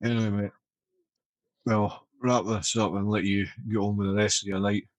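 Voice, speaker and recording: A man's voice: lowish voice, level tone, moderate pace, dry recording. A man with a Scottish accent hosting a casual podcast interview, easygoing and hesitant. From Scotland. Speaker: podcast host.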